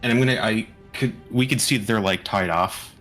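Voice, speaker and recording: A man with a somewhat low voice talks through his moves in a tabletop game. He hesitates and restarts as he plans, with quiet music in the background. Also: brisk. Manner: thinking aloud, hesitant. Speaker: player.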